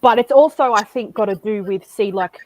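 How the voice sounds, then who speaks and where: A woman's voice: medium pitch, normal speed, darkish tone, dry recording, rough recording. A woman from Australia with an Australian accent, chatting as a panelist in a blunt, laid-back way. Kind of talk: casual chat.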